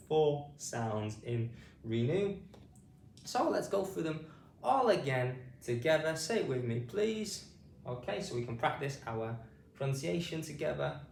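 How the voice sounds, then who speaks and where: Slow, lively British man teaching phonics. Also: mid-range voice, creaky. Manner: slow, deliberate, sounding out letters and repeating words. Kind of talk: slow phonics lesson for adult learners. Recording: roomy, slightly distant mic, faint noise.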